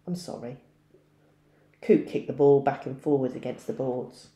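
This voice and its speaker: Teacher lady reading a novel aloud, low mellow voice, echoey room with faint hum. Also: flat delivery, moderate pace.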